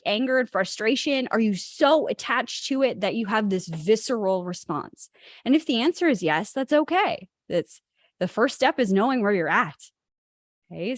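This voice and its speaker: A woman co-hosting a spiritual talk show tells a story in a loose, chatty way, full of fillers and asides. Her voice sits in the middle of the range for a woman. The sound is dry and close, with no room echo. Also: mid-range voice. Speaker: podcast co-host. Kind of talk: spiritual podcast chat.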